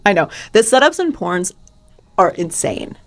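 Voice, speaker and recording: A woman's voice: lowish voice, sing-song, soft background music. A woman who is a guest on a podcast, speaking frankly and with strong opinions in casual conversation. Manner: frank and opinionated, quick to laugh.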